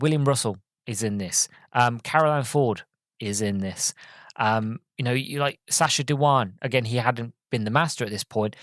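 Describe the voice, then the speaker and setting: A man's voice: medium pitch, a bit bright, no room sound. A man hosting a podcast, giving a rambling, emotional and enthusiastic film review in a casual monologue. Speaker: podcast host.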